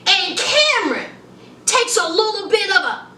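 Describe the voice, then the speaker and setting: Sassy high-voiced woman reviewing a show. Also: sing-song, unhurried, pushed and bright, a little hiss or hum. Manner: sassy, chatty, calls viewers honey and child. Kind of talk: casual TV review chat. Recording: echoey room, mic at a distance.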